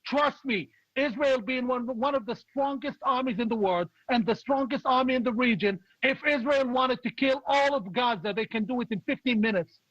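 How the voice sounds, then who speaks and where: A man with a strikingly high voice delivers forceful, indignant political commentary and hammers the same points again and again. The sound is dry and muffled, like a dull remote feed. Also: moderate pace, no echo. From Palestinian, raised in Jordan. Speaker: political opposition leader.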